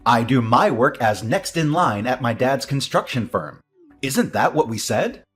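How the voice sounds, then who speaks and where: An actor playing an entitled young husband who defers to his mother, dismissive and prone to excited outbursts. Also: mid-range voice, a little slow, soft background music. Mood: scornful. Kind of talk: audio drama acting.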